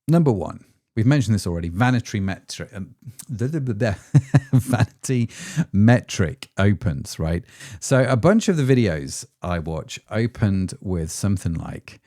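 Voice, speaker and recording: A middle-aged male podcast host talks through his thoughts solo in a chatty, self-deprecating way, often tagging on rhetorical questions. His voice sits low and mellow yet swings widely in pitch. The sound is close and dry. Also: expressive, measured pace, no room sound. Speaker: podcast host, ecommerce founder.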